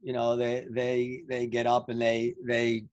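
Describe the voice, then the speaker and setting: A man co-hosting a podcast over a video call, talking casually with many halting restarts. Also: mid-range voice, monotone, darkish tone, dry recording, highs cut off. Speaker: podcast co-host.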